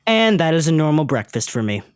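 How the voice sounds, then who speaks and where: A woman vlogger telling a comic story in a profane, slangy, animated way. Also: sits low, fairly quick, clean tone, dry recording, studio quality. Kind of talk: comedic storytelling vlog.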